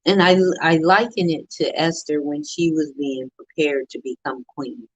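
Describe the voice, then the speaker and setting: A middle-aged woman with a low, slightly rough voice gives an earnest motivational talk on a live stream at a moderate pace. She speaks with a preacher-like cadence, repeating phrases. The recording is dry and lo-fi.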